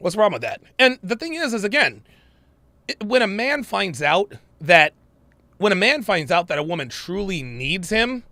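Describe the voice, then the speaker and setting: A man's voice: high voice, bright, forceful tone, no echo. A man hosting a live reaction show, mocking and exasperated, swearing often and laughing in disbelief. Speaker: show host reacting to clips. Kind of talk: crude live reaction commentary.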